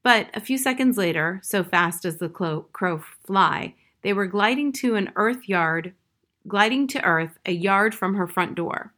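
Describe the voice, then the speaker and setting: A woman reading a children's novel aloud in a measured storytelling manner. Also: mid-range voice, animated, sharp tone. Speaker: audiobook reader.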